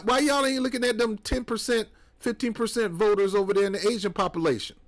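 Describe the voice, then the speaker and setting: A man's voice: high-pitched, brisk. A man gives a fiery political monologue. He preaches hard, scolds his listeners, and mocks others by slipping into put-on voices. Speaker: commentator.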